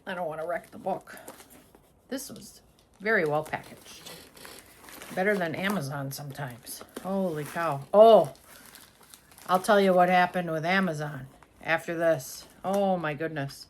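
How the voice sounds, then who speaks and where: A woman vlogging casually, gushing excitedly as she unboxes and reads a book aloud, stumbling now and then over words. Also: fairly low pitch, normal speed, a little hiss or hum. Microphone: seated at desk, squeaky chair.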